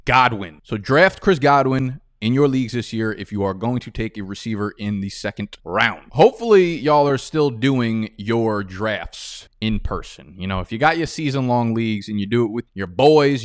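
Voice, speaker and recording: A young man with a New York or New Jersey accent giving casual, animated fantasy football analysis, talking quickly and rambling with fillers. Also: medium pitch, dry recording, clean studio sound. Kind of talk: casual sports podcast analysis.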